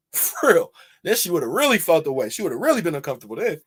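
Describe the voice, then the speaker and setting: A man from Michigan giving casual, animated reaction commentary, firing off repeated rhetorical questions and swearing freely. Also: on the high side, fast talker, breathy edge. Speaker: video commentator.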